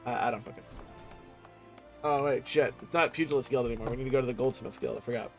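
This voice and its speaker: A man's voice: mid-range voice, steady tone, quick pace, gravelly, soft background music. A young man streaming a video game, cursing and joking casually while reading the game text aloud. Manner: profane, joking, often laughing, reads game text aloud. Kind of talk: casual gaming livestream commentary.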